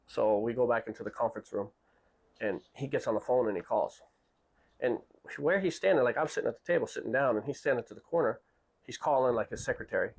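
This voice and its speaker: A man casually telling a long story, acting out the people in it and often restarting his sentences. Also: medium pitch. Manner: animated, acts out quoted people with raised voice; restarts and repeats words often. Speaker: podcast host.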